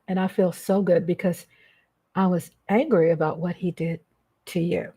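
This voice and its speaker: A woman's voice: lowish voice, steady tone, normal speed, mellow, breathy edge. Chatty woman streaming live. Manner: chatty, greets viewers by name, affectionate. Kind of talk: casual live-stream chat.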